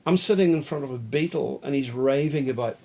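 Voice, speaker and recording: Middle-aged Australian male, gravelly, chatty anecdotal storyteller, mid pitch. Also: fairly quick, warm tone. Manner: rambling anecdotal storyteller, laughs often, acts out quotes. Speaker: guest musician, bass player. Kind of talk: casual storytelling interview.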